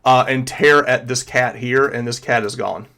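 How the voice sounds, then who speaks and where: A man narrating as game master of a tabletop game, pausing often with fillers as he describes the action. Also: mid-range voice, sharp tone. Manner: hesitant, filler-heavy narration.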